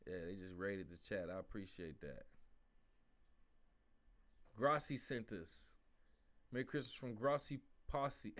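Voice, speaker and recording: A young man hosting a live-stream sports watch-along, casual and slangy, switching between low mumbled asides and loud outbursts at the plays. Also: a little slow, pauses often. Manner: excitable, swings from mumbling asides to shouting at the game; uses slang like fam and bro.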